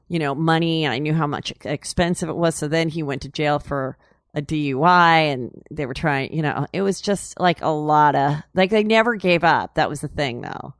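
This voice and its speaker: A woman's voice: sits low, no echo, clean studio sound. A woman talking as an interview guest, rambling and candid, full of "like" and "you know". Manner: chatty and candid, laughs while telling. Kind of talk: casual storytelling interview.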